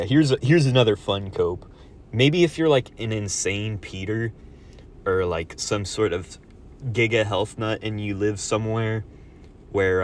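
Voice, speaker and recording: A young man delivering a profane, angry ranting monologue to his viewers, with sarcastic loud outbursts and muttered asides. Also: low voice, a little hiss or hum.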